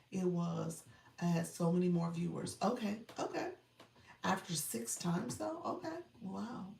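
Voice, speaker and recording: A woman's voice: lowish voice, creaky, a little mellow, far from the mic. A woman coaching viewers on a livestream in a chatty way, thanking them often and laughing easily. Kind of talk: live-stream coaching chat. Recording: echoey room, voice off-mic.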